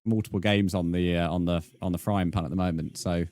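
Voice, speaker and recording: A young man streams a game, chatting casually as he reads out messages from his chat and answers them, laughing often. His voice sits low and steady, with a brisk, slightly mellow delivery.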